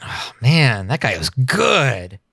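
Man, podcast host, casual chat, jokey, rambling, animated pitch, dry mic. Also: slow, vocal fry, dry recording.

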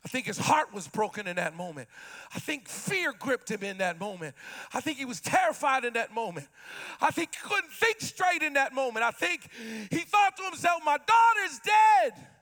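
A male pastor preaching an impassioned sermon, shouting and calling out to the congregation. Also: very high voice, very animated, normal speed.

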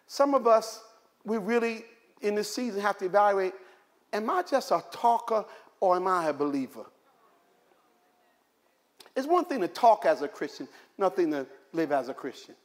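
A male pastor preaches with a high-pitched voice and animated storytelling. He slips in humorous asides and drives points home through repetition. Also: normal speed, pauses often. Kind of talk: sermon.

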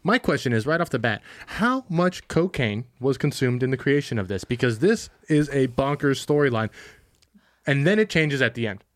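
Young man, podcast co-host, rambling, goofy and crude, medium pitch, dry close mic. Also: sing-song, moderate pace, dry recording. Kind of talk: casual podcast chat.

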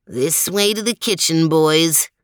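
A woman's voice: low voice, takes it slowly, smooth, no echo, clean studio sound. A woman voicing a genial old male dog who leads the pack in a storybook. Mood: easygoing. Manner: easygoing, chuckling host.

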